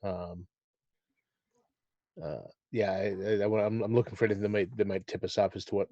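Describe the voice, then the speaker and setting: A man's voice: fairly low pitch, fairly even intonation, moderate pace, dark tone, dry recording, dull audio. A man playing a tabletop game, thinking aloud and repeating his words as he reasons. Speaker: player. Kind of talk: casual chat as a tabletop player.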